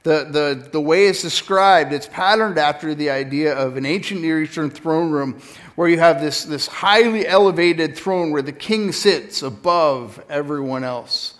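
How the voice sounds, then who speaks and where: Man, pastor, sermon teaching, conversational, self-correcting, slightly higher voice. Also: a little slow, fairly bright tone.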